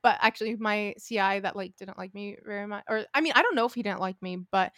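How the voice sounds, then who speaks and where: A woman's voice: mid-range voice, fast, a bit bright, dry recording, clean studio sound. A woman in her twenties co-hosting a podcast, chatting casually and leaning on "like" a lot. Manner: chatty, heavy use of "like" fillers. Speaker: podcast co-host. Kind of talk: casual chat.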